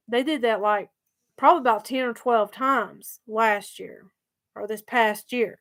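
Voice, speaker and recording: Chatty woman, slightly high voice. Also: unhurried, fairly bright tone. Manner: chatty, repetitive, emphatic. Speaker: vlogger. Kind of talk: casual storytelling vlog.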